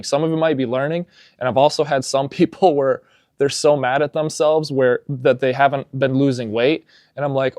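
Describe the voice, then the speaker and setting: A young adult man talks fitness in a relaxed podcast chat, his voice at an everyday middle pitch. He tells stories with animated energy and gets loud when excited. The sound is dry and close, with no room echo. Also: normal speed. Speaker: fitness coach.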